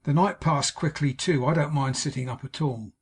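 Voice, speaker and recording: A man with a husky voice playing a timid young wife who pleads softly with her husband in an audiobook. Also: a little high, moderate pace. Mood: pleading. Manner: soft, pleading.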